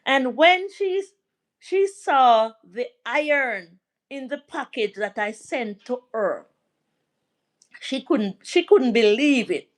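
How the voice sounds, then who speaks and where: Speaking slowly in a high, expressive voice, a middle-aged Jamaican livestream host responds to comments from her viewers. Between those replies, she shares a story about her family in a relaxed, chatty way.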